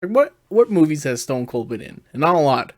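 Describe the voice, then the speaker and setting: A man's voice: fairly high pitch, very animated, fairly quick. A young man co-hosting a podcast, joking and amused. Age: young adult. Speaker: podcast co-host. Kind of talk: casual chat.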